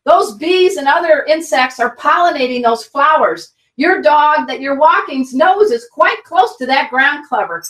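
High-voiced, lively pet first aid teacher woman. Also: a little slow, few pauses, recorded from a distance. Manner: energetic, vivid, instructive, folksy. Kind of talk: guest expert in an online interview. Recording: roomy, a bit off-mic.

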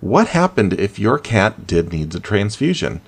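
A man hosting a pet radio show, chatting in a casual, animated way with chuckling asides. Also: on the low side, measured pace, creaky, breathy edge. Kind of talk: casual podcast talk.

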